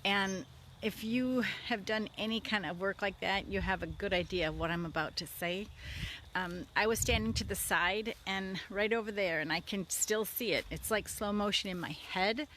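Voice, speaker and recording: A woman's voice: mid-range voice, normal speed, bright, forceful tone, slight background noise. A middle-aged woman talking casually outdoors on her farm, with lots of fillers and restarts. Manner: conversational, many fillers and restarts. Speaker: vlogger talking about leadership. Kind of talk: casual spoken story.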